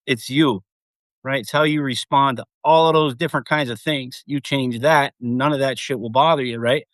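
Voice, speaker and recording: Man, mid-pitched, excitable rambling live streamer, casual swearing, dry untreated sound. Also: normal speed, no room sound. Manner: rambling, excitable, swears freely, many fillers.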